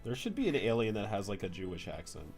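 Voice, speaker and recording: A man co-hosting a drawing livestream, casually telling stories in a relaxed way. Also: lowish voice, quick pace, gravelly, faint music behind. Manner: relaxed storyteller, laughs often. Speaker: co-host of an art stream.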